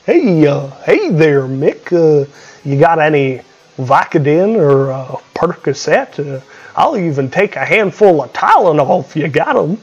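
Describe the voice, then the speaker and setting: A man's voice: on the high side, big pitch swings, breathy edge, lo-fi sound, voice pushed down, exaggerated voice. Guy putting on a goofy cartoon drawl, dumb and lazy, lotta uhs. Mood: dopey. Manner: slow, dopey drawl with lots of uhs. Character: goofy dopey cartoon dog-man, drawling.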